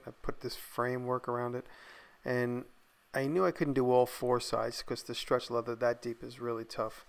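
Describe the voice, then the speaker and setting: A man casually narrating a voice-over of his workshop build, thinking aloud in a relaxed, tired way. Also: mid-range voice, normal speed, hardly any pauses.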